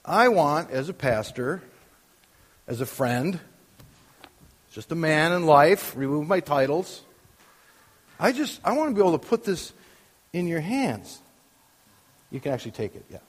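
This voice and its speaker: A man's voice: fairly high pitch, sing-song, a little slow, pauses often, slightly rough, in a large hall. An older man preaching as a pastor, conversational and full of questions to the congregation. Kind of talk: sermon. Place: church.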